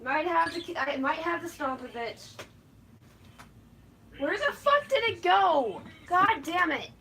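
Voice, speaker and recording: A high-pitched woman talks slowly and drags her words, cursing and restarting her sentences as she herds crickets back into a cage. Her live stream has a faint hiss of background noise. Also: animated, sharp tone. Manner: frustrated, swearing, stammering restarts. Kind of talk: casual live stream talk.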